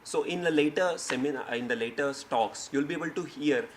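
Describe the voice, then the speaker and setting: A man's voice: fairly high pitch, a little fast, a little hiss or hum. A man giving a seminar presentation, explaining his teaching approach with frequent restarts and fillers. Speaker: speaker presenting his company. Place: seminar hall.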